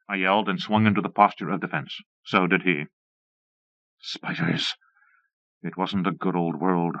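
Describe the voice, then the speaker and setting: Low-voiced man narrating an audiobook. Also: no room sound. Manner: measured, first-person storytelling. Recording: dull dry old cassette recording.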